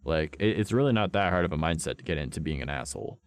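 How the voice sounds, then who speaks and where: Low-voiced, blunt young man. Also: expressive, quick pace. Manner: blunt, profane storytelling. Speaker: streamer. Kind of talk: casual storytelling chat.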